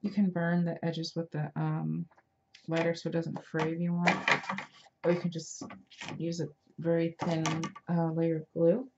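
Kletsende vrouw met krakerige, lage stem. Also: female voice, low voice, completely flat delivery, a little slow. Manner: chatty, self-deprecating, talking while working. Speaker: craft video host. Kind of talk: casual crafting tutorial. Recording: dull lo-fi home recording with noise.

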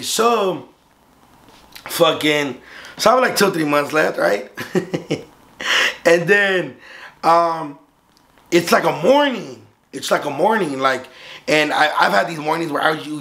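A man's voice: a little high, measured pace, vocal fry, long pauses. A young man from Southern California casually telling a story as a vlogger, swearing freely and acting out the voices of the others in it. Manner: profane, animated, acts out the other voices.

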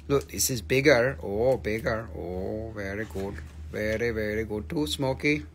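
A man's voice: lowish voice, a little slow, slight background noise. A man hosting a live crystal sale, chatting casually, teasing viewers and swearing freely. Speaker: livestream crystal seller. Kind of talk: casual live sales chat.

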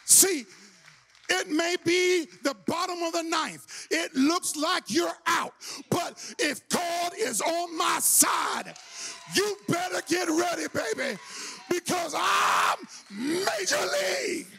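Preacher man hollering his sermon, gravelly edge, voice way up high. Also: slow pace, soft background music. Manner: shouting, animated, playful preaching with laughs. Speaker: pastor. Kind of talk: energetic storytelling sermon. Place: church sanctuary.

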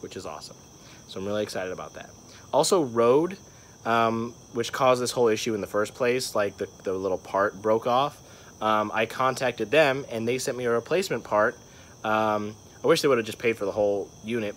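A young man rambles through a story to his vlog camera, packing it with "like" and "um." His mid-range voice is a touch bright, and there's a faint hiss or hum on the recording. It's a casual, filler-heavy vlog monologue.

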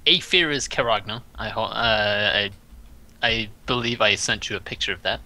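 Man game master, bright sharp tone, halting delivery full of fillers. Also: lowish voice. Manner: hesitant, many fillers and restarts. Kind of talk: narrating a tabletop game.

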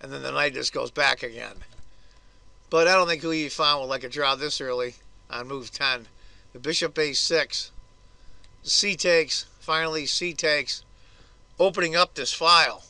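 A hoarse man hosting his own chess video, talking through a game's moves with blunt, grumbling asides. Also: medium pitch, normal speed, sharp tone, no echo. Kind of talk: casual chess game commentary.

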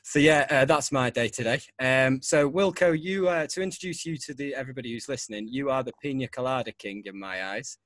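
A man's voice: medium pitch, brisk, few pauses, fairly bright tone, dry recording. Young guy hosting a podcast, rambly and laughy, dry close sound. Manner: chatty, laughs often, rambling. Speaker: podcast host. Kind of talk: casual chat.

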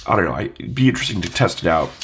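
A man's voice: low-pitched, big pitch swings, rapid-fire, fairly bright tone, slight background noise. A man with a stuffed-up nose talking casually to camera, musing and asking his viewers questions. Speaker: audio vlogger.

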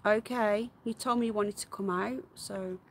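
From her garden outdoors, a woman hosts a casual live stream, greeting viewers by name and calling out to her pets. Her voice is medium-pitched with fairly even intonation at a normal speed, and there's slight background noise.

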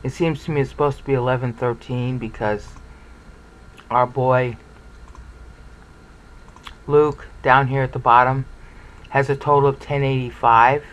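Excitable Bible study presenter. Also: medium pitch, poor audio. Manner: excitable, lively, thinks aloud. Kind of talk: informal screen-share lecture.

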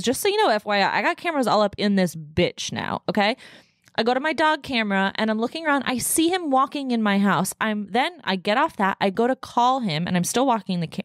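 A woman's voice: medium pitch, no echo, clean studio sound. A woman podcast host in a casual solo rant, venting in a profane, fired-up way from her home podcast room.

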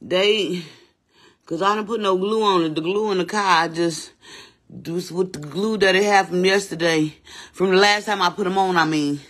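A woman playing a brash, sassy woman fussing over her lashes in a comedy skit, talking loud and defensive with a husky voice. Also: on the low side, steady tone, normal speed, voice pushed up. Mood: excited.

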